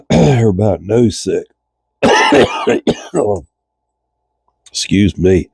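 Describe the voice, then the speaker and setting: A very deep, gravelly male voice, congested from a chest cold and breaking into coughs and throat-clearing. He talks slowly and folksily to the folks watching, walking through a reel repair in his cold garage. The sound is husky, dark and dry. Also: animated, no echo. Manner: folksy, chatty, addresses viewers as folks. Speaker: reel repair channel host. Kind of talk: casual repair tutorial.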